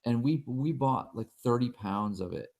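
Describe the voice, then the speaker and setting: Relaxed man telling trail stories. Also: mid-range voice, normal speed, creaky. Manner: relaxed storyteller, animated when quoting. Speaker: guest. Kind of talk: casual interview storytelling.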